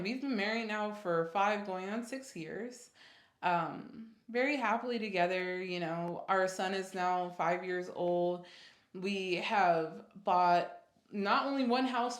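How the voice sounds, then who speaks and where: A woman in her twenties telling a personal story casually, jumping high in pitch for quoted reactions. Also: echoey room. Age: 20s. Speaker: vlogger.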